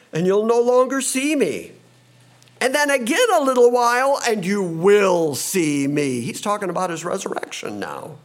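Lively, high-voiced man preaching. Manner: animated preaching, acting out disciples' confused voices. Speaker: pastor. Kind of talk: sermon.

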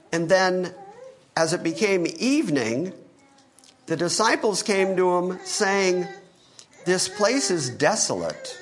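A male pastor teaching through a Bible passage in an emphatic sermon, acting out the quoted lines. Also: on the high side. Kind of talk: expository sermon.

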